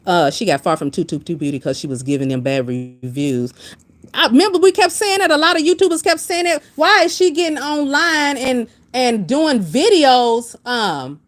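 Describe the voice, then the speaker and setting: A woman's voice: high voice, normal speed. A woman hosting a casual commentary stream, blunt and profane, reacting to viewers' comments as she talks. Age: adult with a master's degree. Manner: blunt, profane, animated, reads chat comments aloud. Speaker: commentary channel host.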